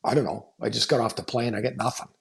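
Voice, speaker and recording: A man's voice: mid-range voice, fairly even intonation, quick pace, vocal fry. A middle-aged man, a former hockey player, telling rambling anecdotes on a podcast in a casual way. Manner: rambling anecdotes with restarts, laughing. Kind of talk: casual storytelling.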